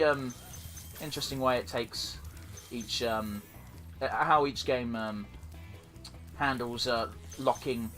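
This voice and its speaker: A man's voice: medium pitch, bright, forceful tone. A man hosting a let's play, giving rambling, profane, self-deprecating commentary while he plays. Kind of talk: casual gameplay commentary.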